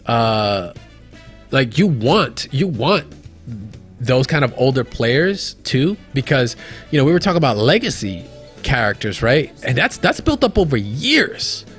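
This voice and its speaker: A man co-hosting a podcast, talking in a loose, casual way with plenty of swearing and filler words. His voice sits at an average pitch. Faint music plays under the conversation. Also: big pitch swings, a little slow, fairly bright tone. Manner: loose and profane, lots of fillers. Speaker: podcast co-host.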